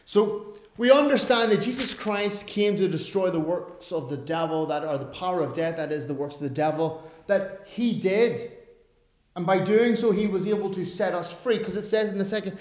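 Emphatic preacher, echoey church. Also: male voice, high voice, moderate pace, a little mellow. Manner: emphatic, with self-aware asides. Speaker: pastor. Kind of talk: sermon. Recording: roomy church echo.

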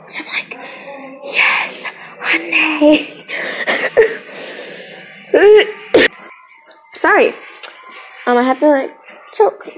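High-voiced chatty woman, noisy recording. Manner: chatty and rambling, giggles between remarks. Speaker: gaming YouTuber. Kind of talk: casual gameplay commentary. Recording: steady background noise.

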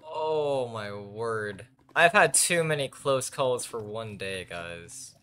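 A man's voice: mid-range voice, animated, slow pace, bright, forceful tone, smooth. A young man commentating his own game, talking to himself and his viewers and yelping when startled. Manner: jumpy, talks to himself and viewers, yelps when scared. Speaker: gaming YouTuber. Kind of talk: Minecraft let's play commentary.

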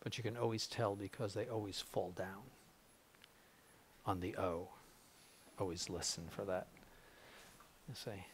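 An older man, a bishop, giving an informal spiritual conference in a blunt, conversational way with frequent asides. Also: medium pitch.

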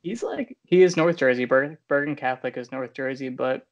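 A man's voice: medium pitch, brisk. A man co-hosting a casual podcast, chatting in an easygoing, dry way. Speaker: podcast co-host. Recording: dull lo-fi podcast mic.

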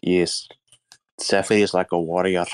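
A man's voice: sits low, level tone, unhurried, a little hiss or hum. A man chatting as a guest in a crypto talk space, playful and joking, sometimes putting on a fake accent. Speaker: guest speaker. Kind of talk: casual chat.

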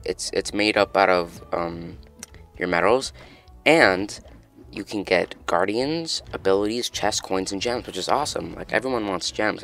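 A man hosting a casual game news update, talking excitably and rambling, often restarting his sentences. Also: lowish voice. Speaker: gaming news host.

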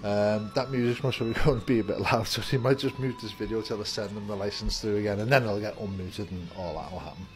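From inside his shop, its door open and faint music playing, a vape shop worker cheerfully welcomes viewers and rambles on in a casual vlog. He's a fast talker with hardly any pauses, his voice lowish and steady.

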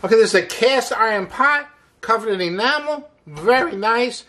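Upbeat chatty chef, lively pitch. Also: male voice, normal speed. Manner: chatty, upbeat, frequent "hey" and "woo". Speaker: cooking show host, chef. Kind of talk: casual cooking demonstration.

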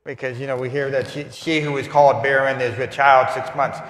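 Animated priest in echoey church. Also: male voice, medium pitch, fairly quick. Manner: animated, acts out voices and asides. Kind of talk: homily. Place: large church. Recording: roomy church reverb.

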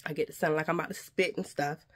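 A woman's voice: deep voice, steady tone, quick pace. A woman vlogger, indignantly venting to her viewers. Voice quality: slight lisp from retainers. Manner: indignant, addresses viewers directly. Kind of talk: venting to camera.

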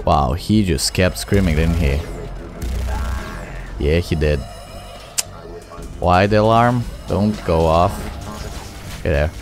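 A young man giving excitable, profane let's play commentary, taunting enemies as he plays. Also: sits low, slow, pauses often. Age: young adult. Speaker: gaming channel host. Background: game music.

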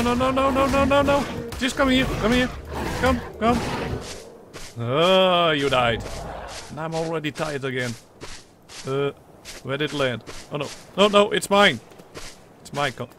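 A young man hosting a let's play, talking excitedly over his gameplay with strings of repeated words, bursts of laughter, and playful lines as the mother creature he controls. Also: high voice. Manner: playfully role-plays as the mother creature in the game. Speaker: gaming channel host.

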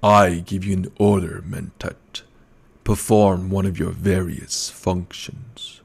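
A man voicing a gluttonous, scheming older male baron who speaks slowly and condescendingly. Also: sits low, steady tone, vocal fry, slightly rough, heavily acted. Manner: slow, menacing and condescending.

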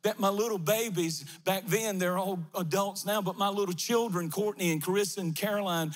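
A man's voice: high voice, steady tone, moderate pace. A middle-aged man, a pastor preaching a fervent, sing-song sermon in a near-empty church.

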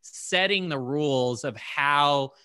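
A man's voice: on the high side, takes it slowly, sharp tone, clean tone, dry recording. A man hosting an interview, reflecting back and summing up his guest's points. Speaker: podcast host. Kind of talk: conversational interview.

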